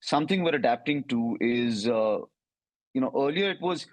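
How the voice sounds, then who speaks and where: A man speaks as a comedian guest in an interview, answering in a loose, reflective way with the odd "uh" and "you know." His voice sits at an ordinary middle pitch. The recording is close and dry, with no room sound. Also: expressive, moderate pace, no echo, low-quality recording. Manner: conversational, reflective, uses fillers.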